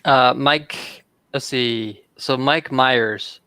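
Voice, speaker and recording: A man co-hosting a podcast in casual chat, talking haltingly with fillers. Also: medium pitch, pushed and bright, clear, resonant tone, no room sound. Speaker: podcast co-host.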